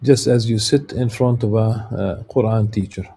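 A man giving a lecture, reading a religious text and explaining it in a halting way, with many filler sounds and restarts. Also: on the low side, steady tone, gravelly, dark tone, a little hiss or hum.

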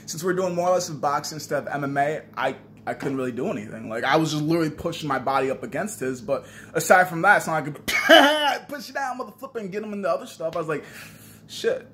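Animated young man telling a story. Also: fairly high pitch, fast, hardly any pauses, slight background noise. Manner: animated, swears freely, acts out his own trash talk loudly. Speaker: vlogger. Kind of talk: casual storytelling monologue.

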